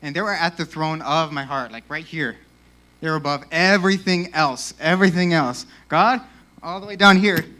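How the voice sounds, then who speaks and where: A young man giving a casual, animated youth sermon in a church, peppered with "like," and a little out of breath. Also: a little high, moderate pace. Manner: casual, animated, lots of 'like'. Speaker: youth speaker.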